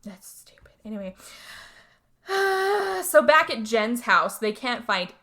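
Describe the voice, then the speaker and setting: A young woman tells a film's story to a co-host in loose, casual chat. Her voice is bright and forceful. She swears freely and slips into quick impressions of the characters. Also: fairly high pitch. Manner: animated storytelling, swearing, acts out character lines. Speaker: podcast co-host recapping a movie.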